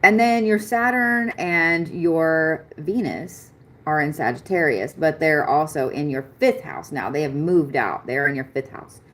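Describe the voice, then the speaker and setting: A woman with a low voice runs a live astrology reading. She talks in a chatty, excitable way and swears casually as she goes. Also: measured pace. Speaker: astrology reader.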